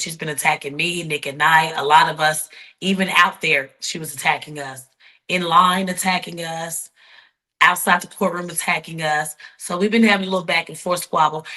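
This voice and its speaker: A woman being interviewed speaks in a bright, sharp voice. She is blunt and defiant, tells her story in quick bursts and restarts mid-thought. She sounds unapologetic and outspoken. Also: fairly low pitch. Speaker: interview guest. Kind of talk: heated interview talk.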